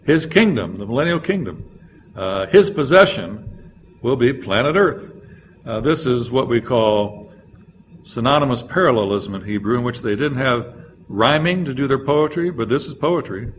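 A man's voice: mid-range voice, animated, normal speed, slight background noise. A man teaching a Bible lecture, explaining verses and reading scripture aloud with frequent "uh" fillers.

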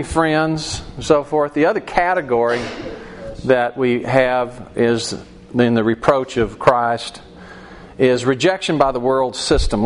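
A man leading a Bible study class in a conversational way, acting out quoted voices and asking the class questions. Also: mid-range voice.

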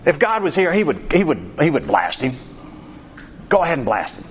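A man's voice: sits high, huge pitch swings, fairly quick, a little hiss or hum. A man preaching a sermon, acting out quoted voices with animation.

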